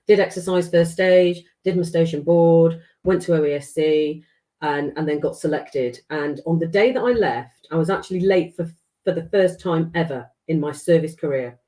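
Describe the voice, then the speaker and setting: Warm and deep-voiced, this middle-aged woman from England chats at a moderate pace as a guest on a podcast. Her casual storytelling is full of free swearing and acted-out dialogue.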